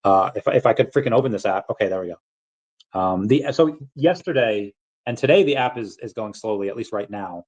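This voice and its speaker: A man hosting a casual crypto livestream, rambling in a relaxed way with many fillers and bouts of hiccups. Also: on the low side, a little fast, muffled recording. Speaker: crypto channel host.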